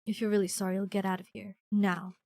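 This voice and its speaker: A woman's voice: level tone, fast talker, darkish tone, dry recording, close to an everyday voice. Woman reading as a cold, stern girl detective. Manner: low, cold and reprimanding.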